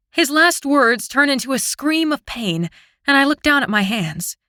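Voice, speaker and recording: Bright, dramatic woman narrating a fantasy audiobook. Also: sits high, normal speed, dry recording, clean studio sound. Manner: dramatic, expressive storytelling.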